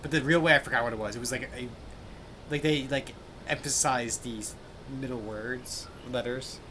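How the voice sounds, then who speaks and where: A man's voice: mid-range voice, normal speed, bright, forceful tone. Male streamer, rambling gamer talk, noisy game backdrop. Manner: rambling, many restarts and "like". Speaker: streamer playing a game with a friend. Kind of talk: casual gaming chat. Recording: game sound and noise behind voice.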